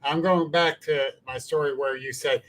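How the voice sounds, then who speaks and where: A man hosting a podcast, telling a story in a blunt, salty and animated way. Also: a little high, normal speed, very noisy. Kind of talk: casual storytelling chat.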